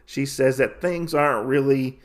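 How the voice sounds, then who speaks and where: Male podcast host, middle pitch, loose filler-heavy storytelling, dips into quick character voices. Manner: rambling, filler-heavy retelling. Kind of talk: casual comic recap.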